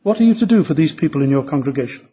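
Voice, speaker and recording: A man preaching a sermon to fellow ministers, earnest and measured, reading a story aloud with drama. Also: on the high side, expressive, dark tone, husky.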